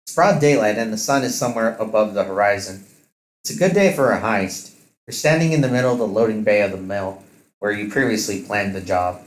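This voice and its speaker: Man narrating a story, roomy echo. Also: fairly low pitch. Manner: reading with stumbles and self-corrections. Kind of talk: second-person story narration.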